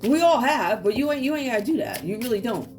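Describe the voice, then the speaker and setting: A woman's voice: a little high, animated, fast talker. Sassy woman tarot reader, music behind. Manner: sassy, outspoken, asks the cards to speak. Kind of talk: tarot card reading, talking to viewers. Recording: distant mic with loud music behind.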